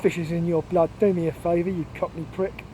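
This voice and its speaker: A gruff, mocking middle-aged fisherman from the Cornish coast, ribbing a mate in a storyteller's retelling, as a man puts him on. He sounds high and dark-toned, jabbing out his taunts with blunt, teasing scorn. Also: little pitch movement, a little fast, slight background noise, natural voice, rough recording.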